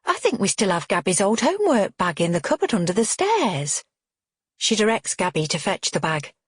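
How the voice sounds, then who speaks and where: Snappish housewife, brisk and bossy, husky, as voiced by a woman. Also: mid-range voice, big pitch swings, no echo, clean studio sound. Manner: sharp, snapping. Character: bossy, snappish middle-aged wife and mother.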